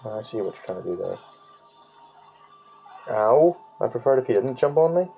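A man's voice: mid-range voice, expressive, normal speed, vocal fry, dull audio, a little hiss or hum. A man giving casual gaming commentary while he plays, rambling, swearing freely and humming nonsense tunes. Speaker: let's play gamer.

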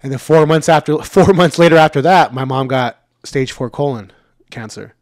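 Man in his late thirties, casual podcast chat, dry close sound, relaxed and candid. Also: fairly high pitch, moderate pace, dry recording. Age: 30s. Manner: candid and laid-back, with frequent fillers and swearing. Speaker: podcast regular.

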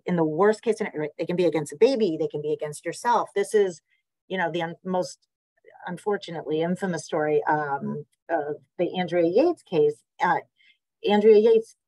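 A woman's voice: fairly low pitch, darkish tone, no echo, poor audio. A woman psychiatrist with an American accent giving a conversational webinar talk over a video call, with many fillers and restarts. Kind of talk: webinar presentation.

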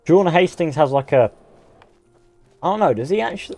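A man's voice: on the high side, very animated, normal speed, a little mellow. A man from England with a mixed Northern, West Country and Midlands accent, chatting bluntly and swearing while streaming a game and reading out viewer comments. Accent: English, Northern and West Country mix with a Midlands sound. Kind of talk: casual live-stream chat while gaming.

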